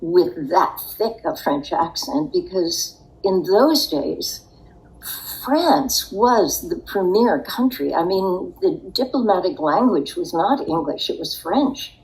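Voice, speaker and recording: A woman's voice: lowish voice, sing-song, takes it slowly, darkish tone, rough recording. An older woman telling a personal story in a podcast interview, in a reflective, wry way. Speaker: interview guest.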